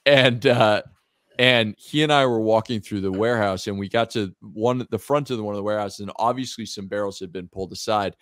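Animated man in his thirties, dry sound. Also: on the low side, a little fast, dry recording. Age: 30s. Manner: animated, lively storyteller who acts out other people's lines and laughs often. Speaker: whiskey brand founder, podcast guest. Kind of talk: casual storytelling on a podcast.

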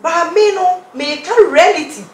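A woman's voice: very high-pitched, unhurried. A woman on a discussion panel, talking animatedly and laughing often as she makes her points. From Ghana. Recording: echoey room with faint noise.

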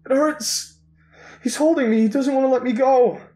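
A trapped young man whimpering in terror, high and strained, with a soft mellow tone and faint music under the horror story. The voice sits far above the narrator's own. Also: normal speed. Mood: terrified.

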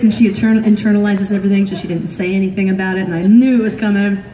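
A woman's voice: mid-range voice, fairly even intonation, brisk, warm tone. Laughing woman telling stage stories, distant and echoey. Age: 30s. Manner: laughing, self-deprecating humor. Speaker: singer-songwriter on stage. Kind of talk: storytelling stage banter between songs. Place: live concert venue with audience. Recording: echoey live venue, distant mic, crowd noise.

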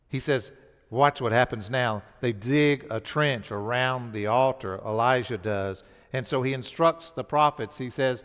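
A man's voice: medium pitch, moderate pace, fairly bright tone, long reverb tail. A man preaching a sermon as pastor. He tells the story with emphasis and often restarts his words. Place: church sanctuary.

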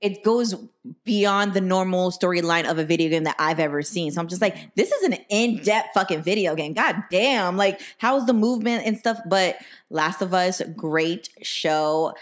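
A woman's voice: lowish voice, normal speed. A young woman hosting a podcast, telling stories in a blunt, profane, casual way full of "like". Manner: profane, blunt storytelling with lots of "like". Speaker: podcast host. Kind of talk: casual chat.

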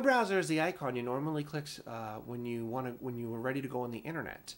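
A man casually telling a tech support story from his past, animated and exasperated, poking fun at himself. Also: mid-range voice, fast talker, hardly any pauses. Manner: animated, exasperated, self-mocking. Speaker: storyteller, former IT support worker.

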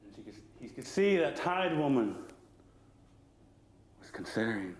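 A man telling a traditional legend aloud at a live talk, with playful, animated narration. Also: mid-range voice, measured pace. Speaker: traditional storyteller. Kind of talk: live oral storytelling. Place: lecture hall. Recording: echoey lecture room.

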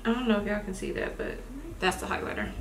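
A young woman talks casually and expressively to her viewers while she does her makeup, calling them y'all. Her voice sits at a middle pitch. The room around her is echoey, with a faint hiss beneath. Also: steady tone, fast. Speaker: beauty vlogger. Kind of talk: casual get-ready-with-me chat. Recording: roomy home recording.

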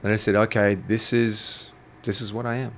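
A man appears as a guest in an interview, an intuitive coach telling stories bluntly and provocatively while swearing freely. His voice sits on the low side with a fairly bright tone, moving little in pitch at a normal speed.

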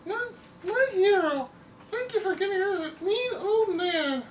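A man voicing a fussy, swooning lady drawn on a chalkboard in a shrill, coy falsetto, recorded in an echoey room from a distance. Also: expressive, moderate pace, a bit bright, slight background noise.

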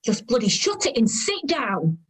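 A woman voicing a loud, crude woman in her thirties on a train, shrill and mocking. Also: moderate pace, lightly acted. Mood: brash.

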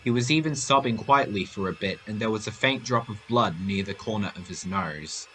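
A man's voice: fairly low pitch, moderate pace, slight background noise. A man narrating a homemade horror story aloud. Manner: reading aloud, animated. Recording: faint music behind voice.

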